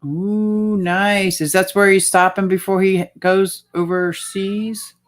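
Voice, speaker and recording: A woman's voice: medium pitch, steady tone, takes it slowly. A woman hosting a casual livestream, chatting and reading out viewer comments. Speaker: livestream host.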